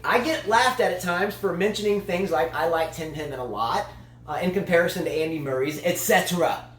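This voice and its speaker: A man's voice: on the high side, brisk, a bit bright, roomy sound. A man co-hosting a casual tennis chat show, a long-winded, playful storyteller. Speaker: tennis channel co-host.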